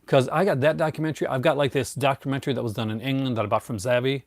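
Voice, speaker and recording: A man's voice: medium pitch, steady tone, very fast, dry recording, clean studio sound. A middle-aged man hosting a casual live chat, rambling with many fillers and restarts and chuckling often. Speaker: host.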